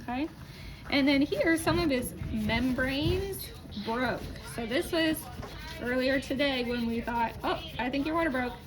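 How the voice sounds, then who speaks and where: A woman's voice: high-pitched, unhurried, low-quality recording. A woman nurse patiently explaining in a hospital room, often checking in with "okay?". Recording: loud room noise, off-mic.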